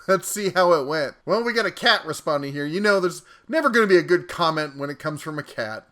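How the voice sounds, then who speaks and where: Playful man host with a higher voice. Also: lively intonation, a little fast, fairly bright tone. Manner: playful and jokey, chuckles between lines. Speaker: tool channel host. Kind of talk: comedic reading of viewer comments.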